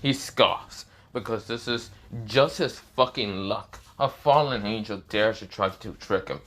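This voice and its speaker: A man with a lowish voice narrating an improvised fan story. His telling is rambling and casual, with plenty of fillers and profanity. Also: measured pace, fairly bright tone.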